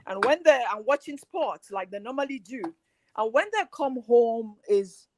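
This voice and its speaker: A middle-aged woman, a guest on a relationship talk show, telling lively stories and acting out bits of dialogue. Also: on the high side, unhurried, no room sound. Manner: animated storytelling, acting out quoted dialogue. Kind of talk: casual chat.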